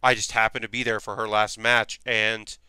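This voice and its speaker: Brief: male streamer, bright tense voice, rambly casual chat from a home workshop. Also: on the low side, little pitch movement, moderate pace, smooth, no echo, studio quality. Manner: rambling, chatty, many fillers. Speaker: streamer building costume armor.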